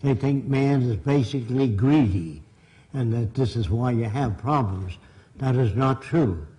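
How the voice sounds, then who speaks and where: A man's voice: mid-range voice, a little slow, warm tone, low-quality recording. An older man from Brooklyn, giving a blunt, emphatic public lecture. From Brooklyn, New York.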